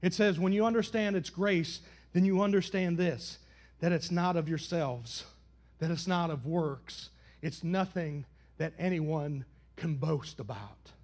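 High-voiced preacher, loud and soft. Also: male voice, a little slow. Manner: swings between loud preaching and quiet, dry asides. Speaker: pastor. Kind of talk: sermon.

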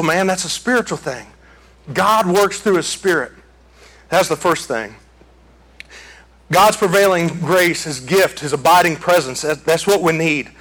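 A male pastor delivers a sermon in a high, ringing voice. He moves between folksy, down-home storytelling and loud, emphatic climaxes. His tone stays bright and forward throughout. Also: low-quality recording.

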